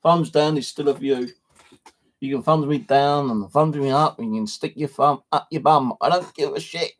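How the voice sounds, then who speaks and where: A British man chatting casually on a live stream from his flat, blunt and sweary, scolding as he talks. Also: mid-range voice, normal speed. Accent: British English. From United Kingdom. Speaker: paranormal vlogger. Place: home flat.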